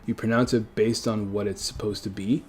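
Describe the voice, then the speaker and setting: Low-voiced young man chatting on stream. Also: little pitch movement, moderate pace, darkish tone, a little hiss or hum. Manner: rambling, self-correcting, chats with viewers. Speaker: livestream host. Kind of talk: casual livestream chat. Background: faint background music.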